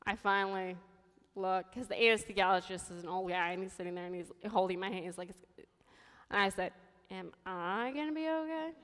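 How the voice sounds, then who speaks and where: A woman's voice: on the low side, little pitch movement, a little fast, fairly bright tone, smooth, in a large hall. A woman in her thirties giving a sermon, telling her own story in a candid, conversational way. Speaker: preacher. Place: church sanctuary.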